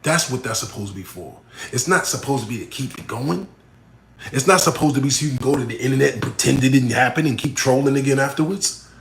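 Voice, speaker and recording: A man, a battle rapper, talking casually to camera and answering a fan's question. He is blunt, repeats himself and swings between loud emphatic points and muttered asides. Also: medium pitch, quick pace, gravelly, a little hiss or hum. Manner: blunt, repeats himself, full of "you know what I'm saying" and "right?". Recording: echoey room.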